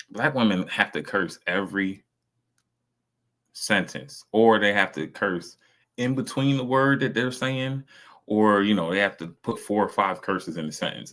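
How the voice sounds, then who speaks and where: A man's voice: on the low side, fairly bright tone. A man, talking over videos on a casual stream. He is blunt and profane, and he rambles from point to point.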